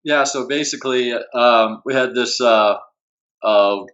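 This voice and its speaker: A middle-aged man, a podcast guest, telling a story in a halting way, full of fillers. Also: medium pitch, fairly bright tone, lo-fi sound. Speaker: guest, former squad member. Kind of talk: casual chat, storytelling.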